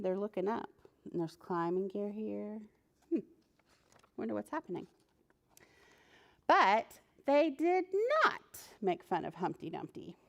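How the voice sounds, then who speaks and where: This female children's librarian, medium in pitch, reads a picture book to a group of preschoolers with lively energy, pausing to quiz them along the way. The sound is lo-fi.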